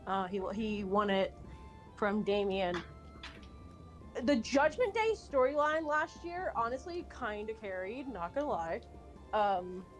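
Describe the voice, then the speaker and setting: A woman streamer chatting casually and animatedly, rambling with many fillers and restarts, and swearing now and then. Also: medium pitch. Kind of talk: casual chat while drawing.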